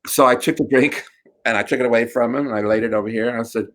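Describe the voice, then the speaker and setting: A man's voice: medium pitch, fast. Host, male, middle-aged, campy raconteur with a chatty storytelling delivery. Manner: campy, laughing, animated storyteller. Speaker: talk show host. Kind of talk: casual storytelling chat.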